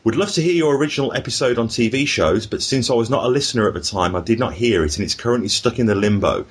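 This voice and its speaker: A man hosts a casual podcast, swearing and joking as he reads out listener mail. His voice is husky and his pitch is in the mid range. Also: expressive, fast talker. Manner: irreverent and sweary, reading out emails. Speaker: podcast host.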